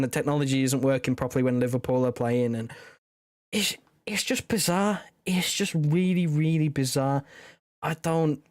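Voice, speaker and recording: A man co-hosting a casual football chat, laying out his points in a measured way. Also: mid-range voice, no room sound, clean studio sound. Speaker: podcast co-host.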